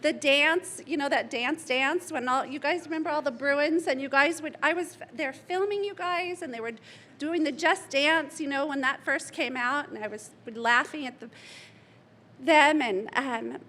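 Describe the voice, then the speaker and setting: Tearful high-voiced mother giving a eulogy. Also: bright, forceful tone, slight background noise. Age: middle-aged. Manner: emotional, laughing through tears, rambling anecdotes. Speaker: eulogy speaker, friend's mother. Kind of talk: memorial speech. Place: memorial gathering hall.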